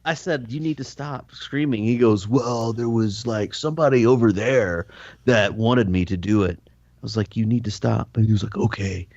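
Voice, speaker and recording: A man co-hosting a podcast, telling a story with animated voices and laughter. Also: on the low side, moderate pace, no room sound, highs cut off. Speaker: podcast co-host. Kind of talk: casual storytelling chat.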